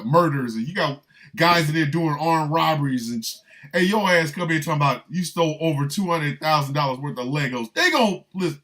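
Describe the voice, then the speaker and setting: An older man hosting a radio show, riffing in an animated, rambling comic monologue full of emphatic repetition. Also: fairly high pitch.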